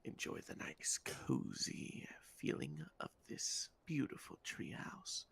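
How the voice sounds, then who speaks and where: A man doing a whispered role-play as a soothing ASMR host, talking softly, slowly and breathily to welcome viewers. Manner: soft, slow, breathy.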